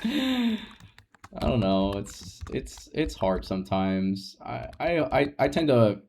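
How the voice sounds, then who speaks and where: A young man chatting casually on a live gaming stream, soft-spoken and rambling, with frequent restarts and light laughs. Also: medium pitch, sing-song, slow, creaky, a little hiss or hum.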